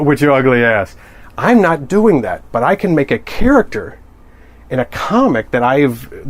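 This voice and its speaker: Male cartoonist, mid-pitch, loose rambling podcast talk, jokey. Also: darkish tone. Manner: rambling and joking, with many restarts. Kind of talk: casual podcast monologue.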